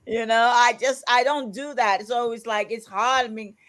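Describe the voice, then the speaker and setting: A woman from Britain co-hosts a casual livestream chat, her voice sitting somewhat high. She rambles, restarts her sentences and laughs often. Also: steady tone, normal speed, a bit bright. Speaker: co-host.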